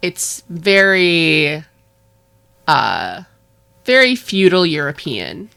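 Low gravelly woman chatting on a podcast. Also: big pitch swings, drawn-out words, bright, forceful tone. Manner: rambling with fillers and laughs. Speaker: podcast co-host. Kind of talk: casual chat.

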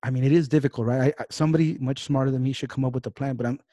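A man in the middle of a casual podcast chat, getting fired up and swearing as he rants. His pitch sits in an average range. The sound is dry and close, with almost no room in it. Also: fairly even intonation, warm tone, no echo. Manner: heated, profane, fast-talking rants. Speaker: podcast host. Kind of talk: casual political rant.

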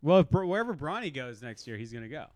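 A man co-hosting a casual basketball podcast. His voice is smooth and lively and rises and falls a lot, and he laughs easily and fills his pauses with "uh". The sound is dry and close. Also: on the high side, no room sound. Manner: animated, laughs often, trails off with fillers. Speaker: podcast co-host. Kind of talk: casual sports chat.

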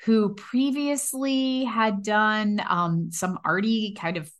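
Speaking slowly with a steady, fairly bright tone at medium pitch, a woman co-hosts a podcast. Her talk is casual and enthusiastic, and she swears without holding back.

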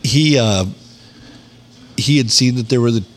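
A man's voice: medium pitch, measured pace, slight background noise. A man co-hosting a podcast, making dry jokes in laid-back banter. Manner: laid-back, dry joking, laughs often. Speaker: podcast co-host. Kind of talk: casual banter.

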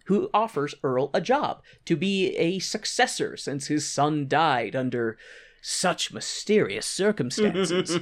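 A man recaps a theater production for his co-host in a casual podcast chat. His voice is animated and swings widely in pitch. He jokes and laughs often along the way. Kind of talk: casual recap of a stage show.

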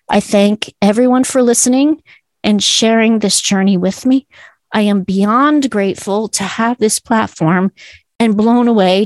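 A woman's voice: medium pitch, darkish tone, no room sound. A middle-aged woman hosting her own podcast, speaking earnestly and enthusiastically, at times teary with emotion. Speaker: podcast host. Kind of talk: solo podcast monologue.

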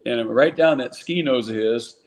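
An older man from California, a former baseball player, telling lively stories in a casual interview and acting out the quotes. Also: fairly quick. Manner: animated storyteller, acts out quotes with raised pitch.

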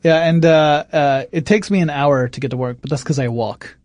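A man's voice: a little high, normal speed, a little mellow, dry recording. A man co-hosting a podcast, chatting casually in a joking, rambling way with restarts. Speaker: podcast co-host. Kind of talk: casual chat.

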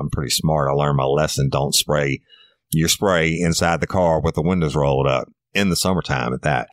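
Very deep-voiced ex-cop. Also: male voice, no echo. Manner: blunt, profane, folksy. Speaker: former police officer. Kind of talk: true crime storytelling podcast.

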